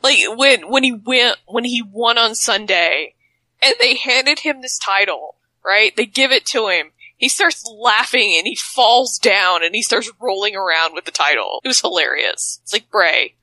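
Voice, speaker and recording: A woman co-hosting a casual wrestling talk show, chatty and excitable, with teasing asides. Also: fairly high pitch, moderate pace, dry recording, low-quality recording. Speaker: podcast co-host.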